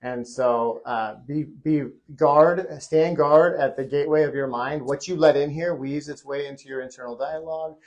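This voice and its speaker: A man hosting a casual motivational chat, energetic and coach-like. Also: a little high, moderate pace, hardly any pauses, dull audio. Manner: energetic, coach-like pep talk. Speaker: host.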